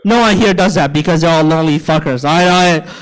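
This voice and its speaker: A man's voice: fairly high pitch, a little fast, smooth, low-quality recording. A young man from China doing live stand-up in a theater, ranting profanely and stammering over his words. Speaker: stand-up comedian. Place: theater stage.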